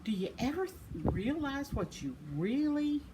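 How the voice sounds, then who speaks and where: Speaking a little slowly in a high, very animated voice, an older woman tells a rambling story with self-mocking chuckles. She's a vlogger, recording at home, and the audio is noisy.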